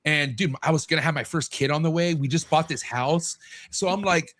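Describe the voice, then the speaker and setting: A man's voice: a little high, a little fast, fairly bright tone. A man in his thirties talking as a podcast guest in casual chat, candid and swearing freely, acting out what people said to him.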